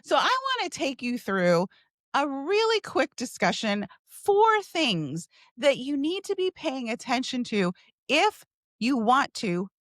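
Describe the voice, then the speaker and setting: Animated storytelling woman, dry close sound. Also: takes it slowly, dry recording. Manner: animated, acts out her own past lines in a higher voice. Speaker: sales coach. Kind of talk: storytelling talk.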